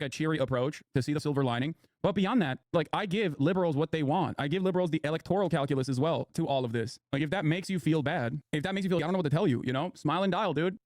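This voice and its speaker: A young man streams and reacts to the news in a rapid, sarcastic, heated rant, swearing freely. His voice sits a little high for a man. The recording is dry and close. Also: a little mellow, no echo. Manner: sarcastic, fast-talking, profane, heated. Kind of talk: casual live commentary while gaming.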